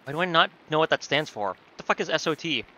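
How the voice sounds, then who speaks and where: A man's voice: on the high side, quick pace. A man streaming a story game, commenting casually with jokes and profanity. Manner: joking, profane, animated.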